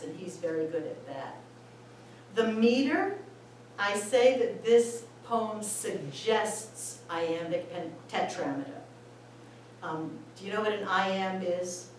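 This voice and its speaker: A woman explains poems to a roomful of singers in an easygoing, chatty way. She talks slowly and laughs often. She is heard from well off the mic in a hall full of echo, with a faint hum behind her. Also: mid-range voice. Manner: chatty and unhurried, laughs often, reads lines aloud. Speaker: former school administrator giving a talk to choir singers. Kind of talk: informal talk on poetry. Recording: echoey room, voice far from the mic, faint background noise.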